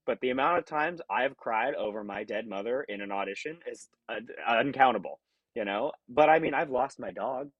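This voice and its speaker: A man from California, an actor talking as a podcast guest in an earnest, reflective way, acting out remembered thoughts with sudden jumps in pitch. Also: animated, moderate pace, no echo, highs cut off. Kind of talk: conversational interview.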